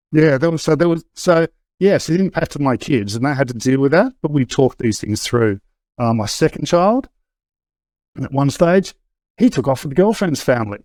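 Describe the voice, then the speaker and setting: A man's voice: a little high, darkish tone, dry recording. A middle-aged Australian man, a guest in an interview, telling a personal story candidly and conversationally, restarting often. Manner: conversational, with frequent restarts and fillers.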